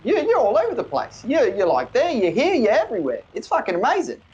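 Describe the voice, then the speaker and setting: A man's voice: extremely high pitch, wildly swooping pitch, fast talker, darkish tone, breathy edge, lo-fi sound, voice pushed up, exaggerated voice. A man voicing a brash, foul-mouthed little male dragon with an Australian accent who swears constantly and calls everyone mate. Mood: excited.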